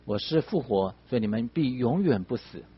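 A man interpreting a sermon phrase by phrase, rendering each line quickly after the preacher. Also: mid-range voice, animated, highs cut off.

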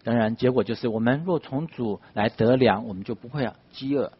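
A man interpreting a sermon phrase by phrase, rendering each line quickly after the preacher. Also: medium pitch, husky, no room sound, muffled recording.

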